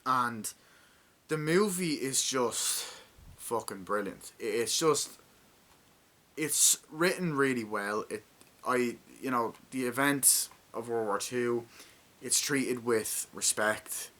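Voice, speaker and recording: A man's voice: medium pitch, slow pace. A man giving a casual, rambling movie review, swearing often and acting out scenes. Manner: acts out scenes with shouted lines.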